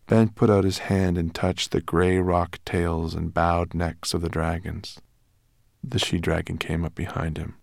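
Guy reading a storybook, low gravelly voice, dry close mic. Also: flat delivery, dry recording. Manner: measured storytelling. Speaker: audiobook narrator. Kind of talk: scripted narration.

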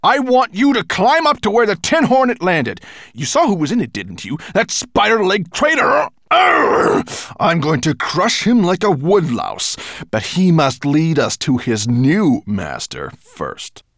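A man voicing a huge storybook dragon in a foul temper, bellowing threats loudly in a raised, strained voice. His tone rasps with gravel. The recording is dry and close. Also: high-pitched, huge pitch swings, a little slow, no echo, voice pushed up, exaggerated voice. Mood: furious. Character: huge furious golden male dragon. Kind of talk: audiobook character voice.

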